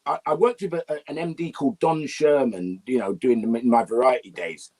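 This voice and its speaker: A man telling animated anecdotes as an interview guest, often laughing and breaking into song. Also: mid-range voice, fairly quick.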